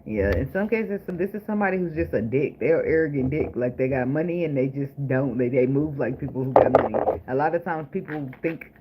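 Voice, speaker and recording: A man's voice: mid-range voice, fairly quick, hardly any pauses, lo-fi sound. A man giving a casual tarot reading, blunt, profane and joking, with frequent laughs. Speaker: tarot reader. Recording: noisy recording with clicks.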